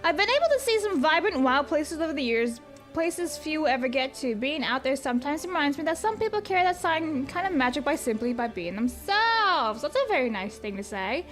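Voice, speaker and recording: A woman live-streaming a game, rambling through stories and reading donations in a casual, swearing, animated way. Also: high voice, brisk, soft background music. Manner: rambling, swears freely, laughs at her own stories.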